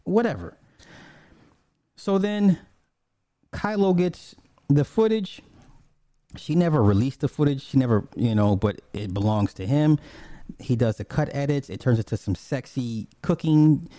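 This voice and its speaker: A man's voice: medium pitch, a little slow, pauses often, mellow, dry recording. A man casually retelling a TV episode, rambling and profane, with many restarts and asides.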